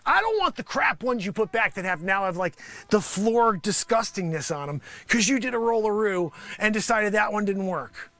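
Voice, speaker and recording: A man's voice: high-pitched, very animated, moderate pace, bright, forceful tone. A man doing an improvised comedic rant, exasperated and rambling. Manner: exasperated, rambling, repeats "freaking". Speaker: comedy performer.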